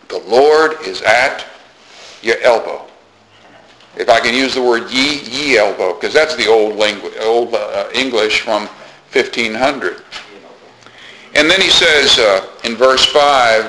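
A man's voice: medium pitch, animated, slow pace, pushed and bright, a little hiss or hum, poor audio. A man preaching a sermon as pastor, earnest, repeating key phrases and asking the congregation questions.

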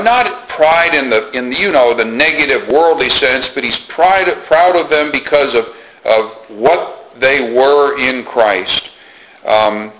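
Bright-voiced male pastor preaching. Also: medium pitch, a little hiss or hum, rough recording. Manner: earnest, repeats key phrases, asks the congregation questions. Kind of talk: sermon.

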